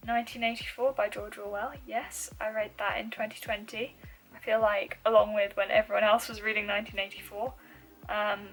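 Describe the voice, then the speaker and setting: A woman's voice: a little high, low-quality recording. Chatty young woman talking books. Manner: chatty, with frequent ums and soft trailing asides. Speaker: book vlogger. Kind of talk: casual chat to camera.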